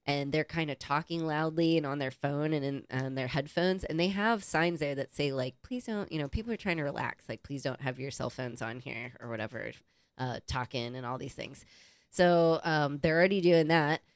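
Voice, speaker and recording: A woman co-hosting a casual podcast, telling lively stories, acting out other people's lines and laughing often. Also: low voice, moderate pace, smooth, no room sound. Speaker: podcast co-host. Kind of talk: casual chat.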